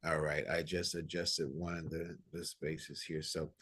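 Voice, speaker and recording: A man with a deep voice, a spiritual teacher leading prayer and guided breathing over a video call in a calm, instructive way. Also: breathy edge. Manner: calm, prayerful, unhurried delivery; gently instructive, counting breaths aloud.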